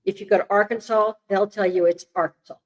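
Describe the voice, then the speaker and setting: A woman's voice: mid-range voice, steady tone, poor audio. An older woman reading a text aloud on a call, stumbling over words and breaking off into chatty asides. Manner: reads haltingly, coughs, apologizes, chatty asides. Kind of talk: casual reading and chat.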